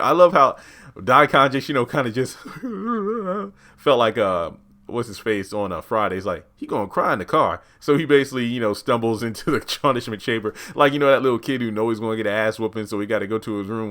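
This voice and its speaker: A man's voice: medium pitch, brisk, a bit bright. Chatty man recapping a TV episode. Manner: chatty, uses many fillers, acts out quotes. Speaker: TV recap host.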